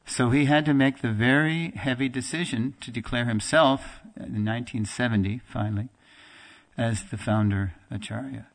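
A man teaching a religious class, telling a story in a lively conversational way and acting out the dialogue. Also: mid-range voice, normal speed. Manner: animated storyteller, acts out quoted dialogue; conversational with fillers and restarts, laughs now and then. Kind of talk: storytelling lecture.

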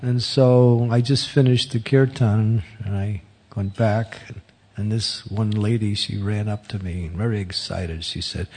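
Husky man giving a chatty spiritual class. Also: on the low side, slow pace, a little mellow. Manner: chuckles often, rambling storytelling. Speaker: Hare Krishna teacher.

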